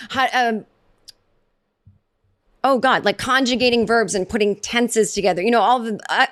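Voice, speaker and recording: A middle-aged woman hosting a solo comedy podcast, talking in a sardonic, rambling way that keeps interrupting itself. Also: medium pitch. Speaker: podcast host.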